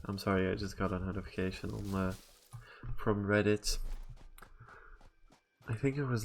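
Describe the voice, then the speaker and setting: A man's voice: lowish voice, fairly even intonation, normal speed, gravelly, long pauses. A young man chatting casually while streaming a game, rambling and thinking aloud with lots of fillers.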